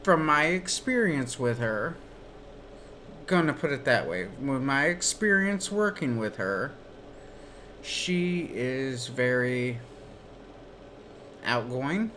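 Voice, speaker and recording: A man's voice: mid-range voice, lively intonation, pushed and bright, slight background noise. A man streaming while gaming, telling rambling stories in a casual chat. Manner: slow rambling storytelling.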